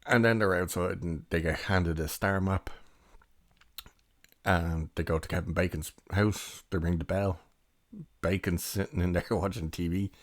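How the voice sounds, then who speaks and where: A man's voice: deep voice, steady tone, a little slow, dry recording. A young man giving a rambling, chatty film review and laughing now and then as he recounts scenes. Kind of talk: casual spoken film review.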